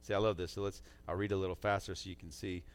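A man preaching a sermon as pastor, swinging between loud urging and quiet asides in a church sanctuary on a stage mic. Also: low-pitched, little pitch movement, fast talker.

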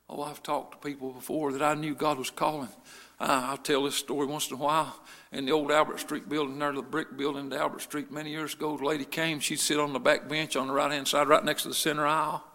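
A male pastor preaching a sermon, moving between quiet storytelling and loud, fervent preaching. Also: fairly high pitch, steady tone, brisk, in a large hall.

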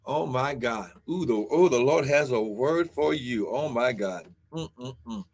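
A man preaching a fervent live-streamed sermon, calling out to listeners and shouting praise. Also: mid-range voice, expressive, unhurried, slightly rough. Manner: fervent, punctuated with "glory" and "come on now".

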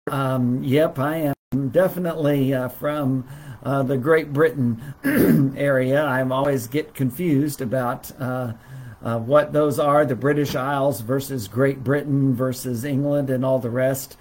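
A middle-aged man teaching a livestreamed Bible lesson as a preacher, halting often with fillers and restarts. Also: mid-range voice, fairly even intonation, darkish tone.

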